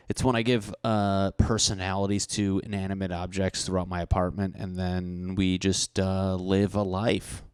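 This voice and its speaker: A man's voice: low-pitched, a little mellow, smooth, dry recording, studio quality. A young man hosting a podcast, ranting profanely and animatedly in a solo comedic monologue, often mocking people in put-on voices. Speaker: podcast host.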